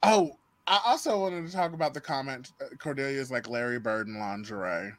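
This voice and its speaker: A man hosting a podcast in casual chat, animated, swearing freely and laughing often. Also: mid-range voice, brisk, no echo. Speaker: podcast host. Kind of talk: casual chat recapping a reality show.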